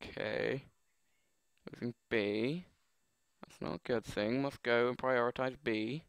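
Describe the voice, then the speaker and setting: Young guy muttering thru a shooter match, slow and unhurried, dry close mic, jokey and fed up with the other players. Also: medium pitch, clean tone, no echo. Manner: joking, muttering, exasperated at opponents. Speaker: gaming commentator. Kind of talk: live gameplay commentary.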